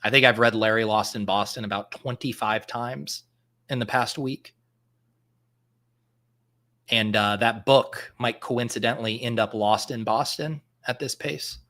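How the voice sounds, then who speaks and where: A man's voice: medium pitch, a little slow, pushed and bright. A man in his thirties hosting a live stream in casual chat, thinking aloud with lots of fillers and restarts. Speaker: fantasy football podcast host.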